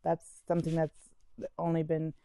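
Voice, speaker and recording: A woman's voice: sits low, completely flat delivery, normal speed, mellow, dry recording. A woman candidly telling her own life story in a conversational way, full of restarts and "like". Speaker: interviewee sharing her story. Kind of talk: personal storytelling.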